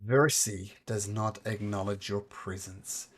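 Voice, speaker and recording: A woman narrating as game master of a tabletop game on a voice call, relaxed and chatty, with many fillers. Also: extremely low pitch, slow pace, breathy edge. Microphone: computer mic on a voice call.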